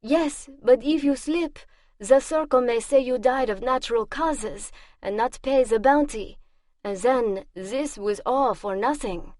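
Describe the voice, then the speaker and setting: A woman voicing an older male bounty hunter, speaking in a calm, matter-of-fact way. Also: a little high, measured pace, no room sound, clean studio sound, pitched above the performer's own voice, close to an everyday voice. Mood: calm menace.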